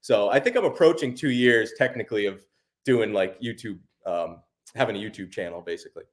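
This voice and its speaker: A man talking casually as an interview guest, relaxed and rambling, with plenty of fillers and restarts. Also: fairly low pitch, brisk. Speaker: guest, sports card YouTuber.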